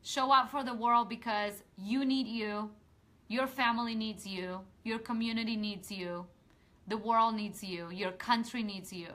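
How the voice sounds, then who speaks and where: Woman, live-stream host, earnest, heartfelt, rambling, motivational, bright forceful voice, slightly high. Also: steady tone, unhurried. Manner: rousing motivational appeals to her audience. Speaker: women's empowerment coach hosting a live video. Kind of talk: casual live-stream talk to viewers.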